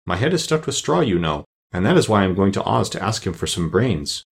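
A man's voice: low-pitched, sing-song, fairly quick, vocal fry, husky, full character voice. A man reading aloud and voicing a cheerful, thoughtful scarecrow stuffed with straw, in a raised, upbeat tone. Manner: bright and cheerful.

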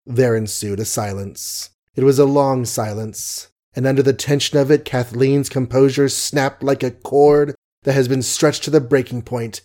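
A man narrates an old novel in a measured, steady way. His voice is mellow and mid-pitched, with no harsh edges. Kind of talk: audiobook reading.

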